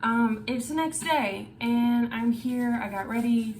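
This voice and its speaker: A woman's voice: on the high side, measured pace, darkish tone, slight background noise. A young woman vlogging about her reading in a gushing, rambling way, cursing freely, restarting sentences and repeating words for emphasis. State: feeling unwell. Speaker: book vlogger. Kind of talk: casual reading vlog. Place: bedroom at home.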